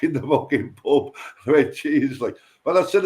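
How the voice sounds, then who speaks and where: A man's voice: medium pitch, animated, moderate pace, darkish tone. A man, a guest in a casual chat, telling a rambling, sweary story about a pub fight. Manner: rambling, heavy swearing, acts out quoted voices.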